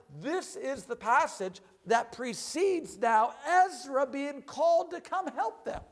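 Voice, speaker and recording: A man preaching a sermon in an animated way, often calling out "amen?" and "hallelujah.". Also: very high-pitched, takes it slowly, hardly any pauses.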